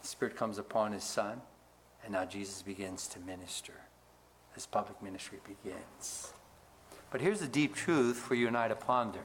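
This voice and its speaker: A male pastor delivers a sermon in a mid-pitched voice. He invites the congregation to finish his sentences and lifts his voice for emphasis. A faint background hiss sits under the recording. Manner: asks the congregation to fill in words; rises in pitch for emphasis, drops low to close points.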